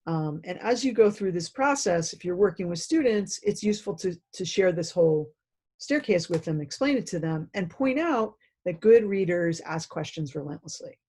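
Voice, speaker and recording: A woman leads a self-paced training lesson for teachers. Her voice is mellow and warm, and she explains in a direct, conversational way. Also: on the low side, animated, normal speed, slightly rough.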